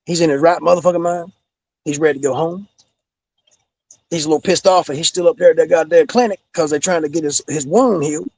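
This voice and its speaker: Ex wrestler guy cussing out a rival, raspy high voice, dry close mic. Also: fast, darkish tone, no echo. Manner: menacing, profane, repeats "bro". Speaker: former pro wrestler, guest. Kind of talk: heated profane promo-style rant.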